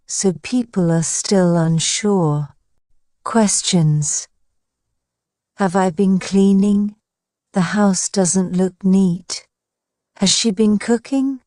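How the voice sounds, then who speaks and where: Woman teacher, slow measured delivery of example sentences, warm low-key tone, dry close recording. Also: no echo. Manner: even, deliberate reading of example sentences. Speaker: English teacher. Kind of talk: slow scripted grammar drill.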